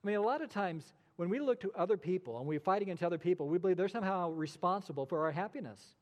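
A man's voice: high-pitched, expressive, fast talker, lo-fi sound. Man preaching in a reverberant hall. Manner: emphatic preaching with rhetorical questions. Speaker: pastor. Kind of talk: sermon.

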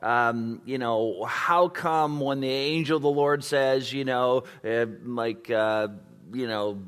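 A man's voice: mid-range voice, slow, smooth. A man preaching a sermon and answering questions, talking casually with lots of fillers and acting out the quotes. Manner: conversational, animated, many fillers, acts out quotes. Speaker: pastor. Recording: long hall reverb.

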